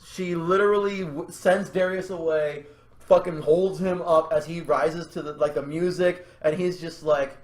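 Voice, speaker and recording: Podcast host: excitable young man, slightly high voice, rambles, restarts, laughs a lot. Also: measured pace. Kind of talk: casual creative brainstorming chat.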